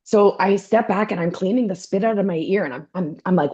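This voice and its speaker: A woman co-hosting a podcast, telling a story with energy and acting out the other people's voices, with some throat-clearing. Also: medium pitch, fast talker, few pauses, darkish tone, dull audio. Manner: acts out voices in her anecdotes, keeps clearing her throat. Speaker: podcast co-host. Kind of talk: animated storytelling chat.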